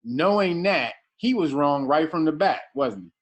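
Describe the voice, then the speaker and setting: A man's voice: fairly high pitch, lively intonation, normal speed. A man teaching a casual class, talking in slang, often restarting his sentences and stressing his points hard. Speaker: class instructor.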